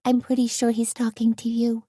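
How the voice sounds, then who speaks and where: A woman's voice: a little high, completely flat delivery, moderate pace, dark tone, breathy edge, dry recording, clean studio sound, pitched above the performer's own voice. A woman voicing a chatty, teasing small-town woman friend in an audiobook, raised and perky. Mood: gossipy.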